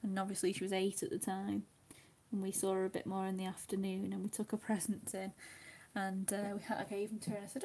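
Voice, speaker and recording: Husky, chatty woman. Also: mid-range voice, steady tone, quick pace, warm tone. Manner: chatty, laughs often, drops to a near whisper while concentrating. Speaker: craft livestream host. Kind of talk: casual chat while colouring.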